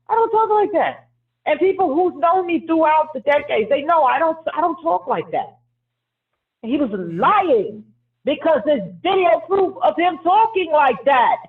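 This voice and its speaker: A man hosting a call-in show, insistently repeating his point and talking over a caller in a heated debate. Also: extremely high pitch. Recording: phone-line audio.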